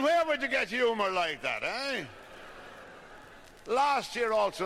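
A man telling folksy jokes and stories, putting on lively voices for the people in them. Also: fairly high pitch. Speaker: comedian. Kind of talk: recorded stand-up storytelling. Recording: long hall reverb.

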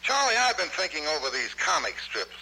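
A man's voice: a little high, wildly swooping pitch, fairly quick, sharp tone. A man talking in a chatty way as a radio performer working out voices. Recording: old noisy archival recording.

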